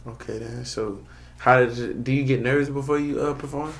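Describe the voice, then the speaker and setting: A man's voice: mid-range voice, fairly even intonation, a little fast, creaky. A man interviewing a guest, asking short, casual questions.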